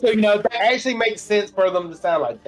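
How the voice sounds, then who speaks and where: High-voiced man chatting at the game table. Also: fast talker, soft background music. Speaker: player. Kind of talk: casual tabletop game chat.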